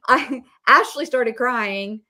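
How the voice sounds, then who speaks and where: Woman, a bit high-pitched, animated, laughing, swears freely, casual chat. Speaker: guest.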